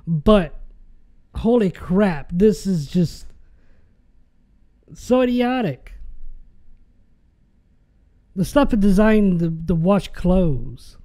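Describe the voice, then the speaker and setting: Young male podcast host, high-pitched and unhurried, exasperated ranter who swears and repeats himself. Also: expressive, mellow. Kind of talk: ranting podcast monologue.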